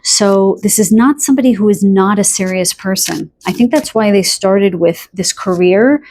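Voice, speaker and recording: A woman's voice: mid-range voice, darkish tone, slight background noise. Chatty woman giving a tarot reading. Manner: chatty and spontaneous, pauses searching for words. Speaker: tarot reader. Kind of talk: channeled pick-a-card tarot reading.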